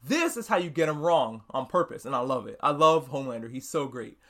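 A man hosting a podcast, recapping a TV episode in casual, animated chat and swearing freely. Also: mid-range voice, fairly quick. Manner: animated, swearing, acts out characters' lines. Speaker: podcast host.

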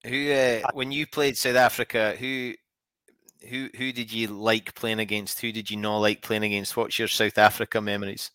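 Chatty Scottish host, bright dry sound. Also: male voice, on the low side, level tone, normal speed, clear, resonant tone, no room sound. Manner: friendly, chatty questioning. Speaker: podcast host. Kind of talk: casual chat.

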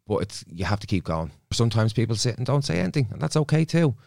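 A man's voice: medium pitch, very animated, quick pace, creaky, darkish tone, dry recording, clean studio sound. A middle-aged man, a therapist, talking reflectively as a podcast guest and telling stories from his own life. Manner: reflective, storytelling, often quotes himself. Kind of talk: casual studio podcast chat. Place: podcast studio.

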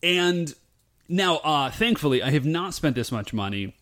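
A man co-hosting a podcast, talking in a rambling, animated way with lots of fillers. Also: on the high side, measured pace. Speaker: podcast co-host. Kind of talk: casual chat.

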